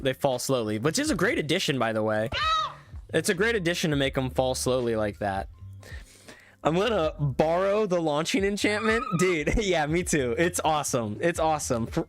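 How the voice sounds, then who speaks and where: A man streaming gameplay commentary, excitable, laughing often and reading out chat. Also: fairly high pitch. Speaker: streamer reviewing viewer mods.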